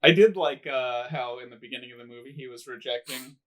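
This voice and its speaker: A man's voice: mid-range voice, brisk. A young man co-hosting a podcast, casually giving his take on a film's jokes and scenes. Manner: relaxed, critical, with fillers and restarts while recalling scenes. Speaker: podcast co-host. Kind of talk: casual movie discussion.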